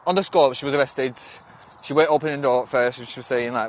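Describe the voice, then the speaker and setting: A man's voice: medium pitch, fairly even intonation, very fast, slight background noise. A young man from Northwest England with a Northern English accent, chatting loosely on a phone livestream, rambling with frequent restarts and swearing now and then. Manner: rambling, restarts often, swears and snaps back at commenters. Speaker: livestream host. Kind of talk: casual livestream chat, reading and answering viewer comments.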